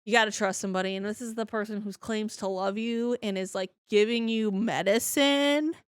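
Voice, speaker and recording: A young woman co-hosting a podcast, rambling through a casual book review with "like" in nearly every phrase. Her voice sits at a medium pitch, and the recording is close and dry, with no room echo. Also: normal speed, clear, resonant tone. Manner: rambling, lots of "like", swears casually. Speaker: podcast co-host.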